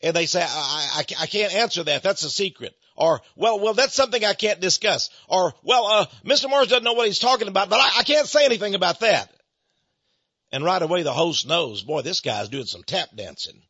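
Male speaker, American, dry husky delivery, plays every character in his anecdotes. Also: high-pitched, fairly quick, no room sound. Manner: animated, acts out both sides of conversations. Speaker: Christian speaker on Freemasonry. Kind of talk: storytelling sermon talk. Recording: dull muffled lo-fi recording.

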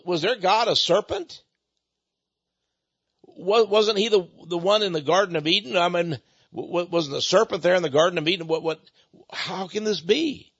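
A man's voice: high-pitched, husky, dull audio. A man giving a preaching-style lecture, with dramatic emphasis and frequent stammered restarts. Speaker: speaker.

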